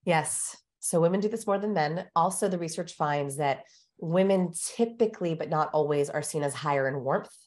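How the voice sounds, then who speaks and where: Speaking low, at normal speed and with a darkish tone, a woman guests on a podcast as a body-language expert. The conversation is instructive: she coaches, explaining ways of speaking and demonstrating vocal exercises.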